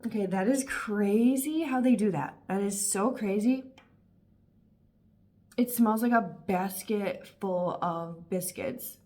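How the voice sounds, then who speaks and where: A woman in her thirties talking casually and warmly about candles, gushing and chatty with lots of fillers. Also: medium pitch, slow. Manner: gushing, emotional, talkative with frequent fillers. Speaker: candle reviewer. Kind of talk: casual review vlog.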